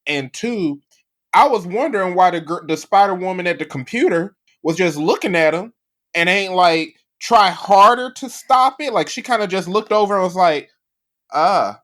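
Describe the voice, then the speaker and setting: A man with a lisp co-hosting a podcast, chatting in a lively, self-deprecating way. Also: high-pitched, normal speed. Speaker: podcast co-host. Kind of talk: casual chat.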